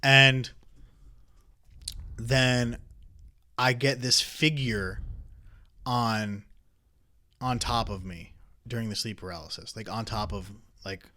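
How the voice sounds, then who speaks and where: A young man with a bright, forward voice chats casually on a podcast. He tells his story in a loose, rambling way, full of "like" and restarts, and often lets his voice drop low and quiet. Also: fairly even intonation, takes it slowly, long pauses. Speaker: podcast co-host. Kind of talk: casual chat.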